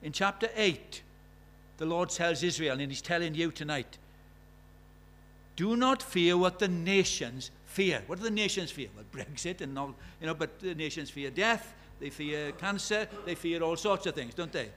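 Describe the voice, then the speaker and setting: A man's voice: a little high, normal speed, a bit bright. A man preaching a sermon in a conversational way, asking the congregation many questions and reciting scripture with rising force.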